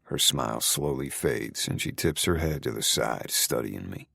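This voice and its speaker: A man's voice: rumbling low, animated, normal speed, vocal fry, bright, forceful tone, husky, no echo, studio quality. A man narrating a first-person romance audiobook in a brooding, intimate way.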